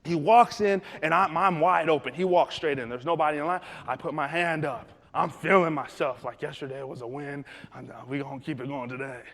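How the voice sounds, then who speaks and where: A man giving a motivational talk, telling a story in an animated, conversational way. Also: on the high side, brisk, hardly any pauses. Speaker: motivational speaker. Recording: echoey hall.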